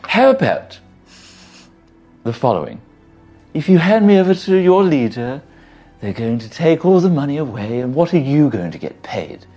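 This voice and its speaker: A man's voice: fairly high pitch, very animated, moderate pace, long pauses, dark tone, soft background music. A man voicing a refined male adventurer who bargains in a polished, wheedling tone. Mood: bargaining.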